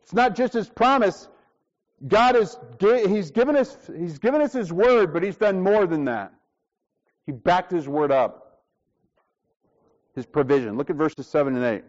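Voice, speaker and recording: A man's voice: fairly high pitch, expressive, measured pace, long pauses, highs cut off. A male pastor preaching a sermon emphatically, asking rhetorical questions and acting out little conversations.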